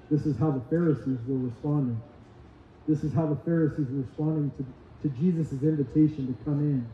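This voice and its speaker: A pastor preaches with emphatic, repeated phrases in a high voice. His sermon sounds tinny and phone-like, and heavy church echo surrounds it with faint noise behind. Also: a little fast. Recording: echoey hall, tinny lo-fi sound.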